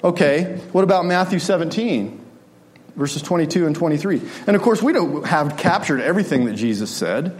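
A man's voice: a little high, expressive, normal speed. A man preaching a sermon in a conversational way, often asking his listeners rhetorical questions.

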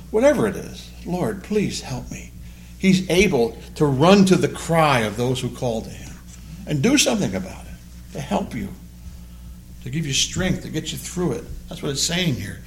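Animated male preacher. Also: medium pitch. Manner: dramatic, acts out quoted voices. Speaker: pastor. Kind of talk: sermon.

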